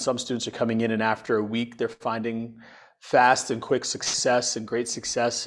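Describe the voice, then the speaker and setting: A man with an ordinary mid-range voice talks as an interview guest. He is enthusiastic and upbeat, explaining his ideas through everyday comparisons. He sounds like he is on a remote call. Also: mid-range voice. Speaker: podcast guest, financial educator.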